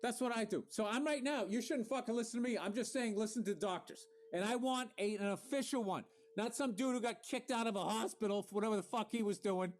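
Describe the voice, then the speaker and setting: A man's voice: sits high, brisk, hardly any pauses, very echoey, far from the mic. A man co-hosting a podcast, ranting casually and bluntly with lots of swearing. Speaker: podcast co-host.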